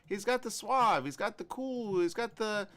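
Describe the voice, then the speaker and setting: A man's voice: sits high, animated, moderate pace, fairly bright tone. A man hosting a radio morning show, chatting casually and rambling with fillers and restarts. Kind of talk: casual on-air chat.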